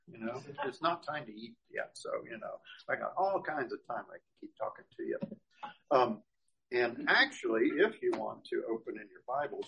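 A man's voice: medium pitch, a bit bright, slightly rough, rough recording. A middle-aged man, a pastor, giving a casual, chatty sermon in church with many fillers.

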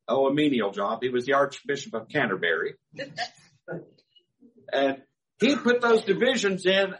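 A man's voice: on the high side, a bit bright, low-quality recording. A man preaching a sermon as pastor, talking conversationally with dry humor.

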